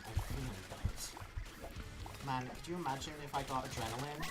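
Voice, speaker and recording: A man streaming live gameplay, talking himself through it in an excitable, nervous way. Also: medium pitch, moderate pace. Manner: excitable, nervous self-talk. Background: game music.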